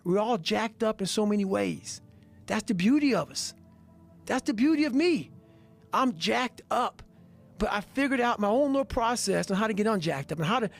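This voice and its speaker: A man giving a motivational talk, intense and profane, hammering his points with repetition. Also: sits high. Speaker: motivational speaker. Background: faint music.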